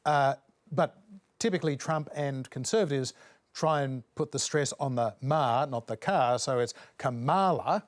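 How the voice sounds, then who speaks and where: An Australian man co-hosting a news analysis show, explaining things in a measured way and putting questions to a guest. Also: medium pitch. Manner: measured, explanatory, frequent affirming murmurs. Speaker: co-host and interviewer. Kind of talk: current affairs panel and interview.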